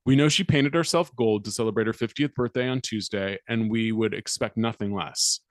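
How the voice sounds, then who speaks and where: A man's voice: fairly low pitch, fairly quick, no echo. A man co-hosting a casual podcast, reading an article aloud with wry, mock-dramatic asides. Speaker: podcast co-host.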